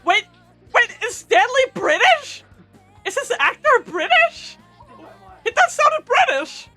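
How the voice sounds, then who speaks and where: A woman's voice: very high-pitched, sing-song, takes it slowly, pauses often, bright, forceful tone, soft background music. A woman streamer giving gushing live-stream reaction commentary, laughing often between her remarks.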